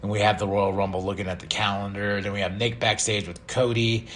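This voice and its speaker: A man hosting a podcast, giving an excitable casual recap with frequent laughs and sudden exclamations. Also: lowish voice, fairly quick, a little hiss or hum. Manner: excitable, animated, laughs often. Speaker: podcast host.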